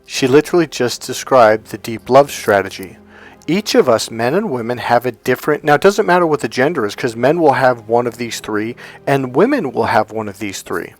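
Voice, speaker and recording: Dating coach guy telling a story, mid-pitched voice, rambly and chatty, faint music behind. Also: expressive, moderate pace. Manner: conversational, rambling, with many fillers and restarts. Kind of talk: personal storytelling monologue.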